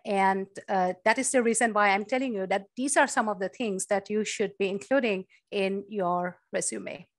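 Woman professor, online workshop talk, lots of uh and you know, dry close sound, mid pitch. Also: steady tone, normal speed, hardly any pauses, dry recording. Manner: explanatory, many fillers like uh and you know. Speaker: assistant professor giving an admissions workshop. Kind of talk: online presentation. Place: virtual talk from home or office. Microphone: computer mic on video call.

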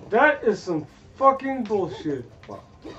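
A man cursing and reacting loudly while playing a video game. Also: high-pitched, sing-song, measured pace, lo-fi sound. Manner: swearing, frustrated outbursts. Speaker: gamer. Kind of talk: gameplay commentary.

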